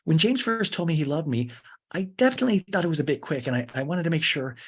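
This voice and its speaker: A man's voice: fairly high pitch, lively intonation, fast talker, breathy edge, voice pushed up. A man voicing an earnest young woman, the new girlfriend, slightly sing-song.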